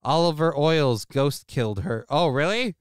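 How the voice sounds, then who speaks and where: A man's voice: a little high, lively intonation, a little slow, a little hiss or hum. A man hosting a live stream show, talking casually and rambling through news stories in a crude, sarcastic way with lots of swearing.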